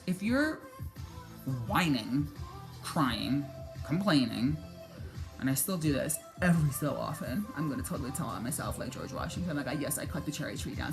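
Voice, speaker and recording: A woman's voice: deep voice, creaky. A woman vlogger giving casual spiritual motivation talk, chatty and joking, cursing freely and acting out her own reactions.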